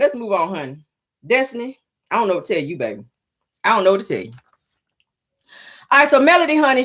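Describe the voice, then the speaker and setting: A woman hosting a casual celebrity gossip show, sassy and chatty, calling listeners honey and baby while reading posts aloud. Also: low-pitched.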